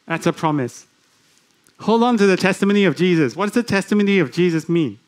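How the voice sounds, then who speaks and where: A man with a fairly high voice preaches a sermon in a church. He talks conversationally and keeps asking his listeners questions. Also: animated, fast talker. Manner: conversational, asks the congregation many questions. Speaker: guest preacher.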